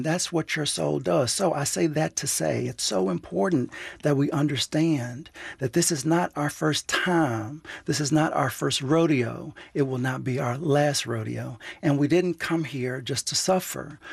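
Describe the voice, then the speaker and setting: A man, a writer being interviewed, telling a personal story in an earnest, reflective way and slowing down to stress his points. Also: fairly high pitch, creaky, husky, dry recording, clean studio sound. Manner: earnest, quotes others in dialogue, slows down to stress points.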